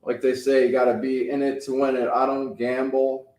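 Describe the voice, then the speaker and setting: A man's voice: mid-range voice, flat delivery, moderate pace, darkish tone. A man in his fifties hosting his channel, chatting casually and telling rambling anecdotes. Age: 50s. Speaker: channel host. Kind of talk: casual chat. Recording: echoey room.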